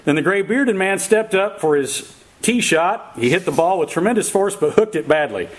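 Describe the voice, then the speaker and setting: A man delivers a sermon in an easygoing, folksy manner. His voice sits a little high, and he leans on fillers and small chuckles along the way. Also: expressive, normal speed, rough recording. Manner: folksy, chuckles at own jokes, many fillers. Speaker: pastor. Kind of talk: sermon with opening jokes.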